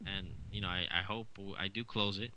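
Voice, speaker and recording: A man's voice: low voice, steady tone, a little fast, a loud crowd, rough recording. A man co-hosting a casual talk show, talking emphatically and insistently, often restarting his sentences. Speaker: co-host.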